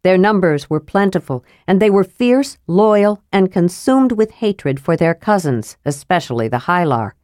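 A woman narrating a fantasy audiobook in a steady, even reading voice. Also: fairly low pitch, a little slow, few pauses, no room sound, studio quality.

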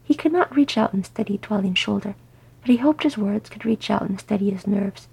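A woman reading fan fiction aloud as an audiobook, in a soft, unhurried storytelling manner. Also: medium pitch, vocal fry, slightly rough, rough recording. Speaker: audiobook reader.

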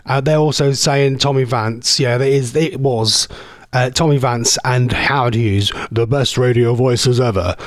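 A man's voice: medium pitch, steady tone, measured pace, dry recording, clean studio sound. A middle-aged man hosting an internet radio show, rambling and self-mocking in a casual DJ chat. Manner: rambling, chatty, self-mocking, laughs at own jokes. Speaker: radio host.

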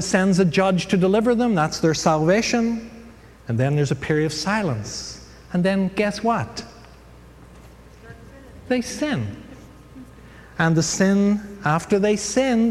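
A man's voice: sits high, lively intonation, slow pace, pauses often, darkish tone. A man teaching a casual Bible class, telling the story with jokes, sound effects and many fillers. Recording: hall reverb, faint background noise.

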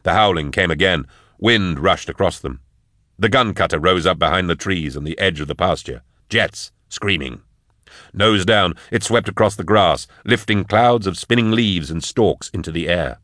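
In steady, measured tones, a man with a very low voice narrates an audiobook from a script. The recording is close and completely dry, with no room sound.

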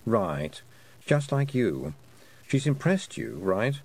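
A man's voice: mid-range voice, big pitch swings, slow, a little mellow. A man voicing a sarcastic male talking toad in an audiobook, dry and knowing. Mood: wry. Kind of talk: audiobook character voice.

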